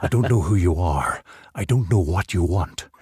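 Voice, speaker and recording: A man impersonating a menacing male film action hero, speaking low and threatening in a Northern Irish accent. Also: expressive, normal speed, mellow, husky, no echo, studio quality, exaggerated voice.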